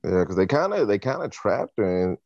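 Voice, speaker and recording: A man in a casual chat, relaxed and halting as he gives his take. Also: fairly low pitch, dry recording. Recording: dry, dull lo-fi audio.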